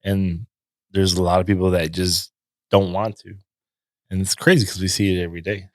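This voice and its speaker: Deep voiced podcast host guy, chill thoughtful questions, dry sound. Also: little pitch movement, normal speed, darkish tone, dry recording. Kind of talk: casual chat.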